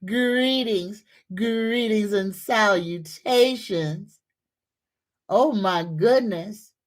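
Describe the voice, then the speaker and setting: Woman, psychic livestream host; unhurried, chatty, greets viewers, mid-pitched voice. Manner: greets viewers warmly, leads slow repeated affirmations. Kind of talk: casual livestream chat reading comments.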